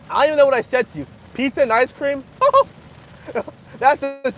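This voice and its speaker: A young man hosting a casual livestream, joking crudely and half-yelling to be heard over loud background noise. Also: very high voice, big pitch swings, normal speed. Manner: crude joking, frequent laughter. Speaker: livestream host. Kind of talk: casual livestream chat with viewers.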